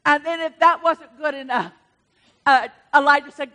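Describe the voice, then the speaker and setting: A woman preaches with lively, emphatic storytelling and punchy asides. Her voice sits high and comes across bright and forceful. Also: normal speed. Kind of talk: sermon.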